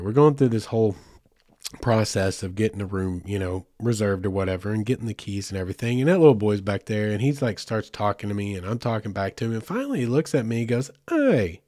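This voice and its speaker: This podcast host has a fairly low, darkish voice, captured dry with studio quality. He tells a road trip story casually and chattily, full of fillers and asides.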